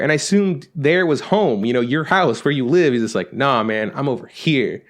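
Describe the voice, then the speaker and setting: Fast-talking man telling rambling stories. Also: mid-range voice, animated. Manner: rambling anecdotes with acted-out quotes, swears freely. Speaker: podcast co-host. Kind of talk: casual storytelling chat.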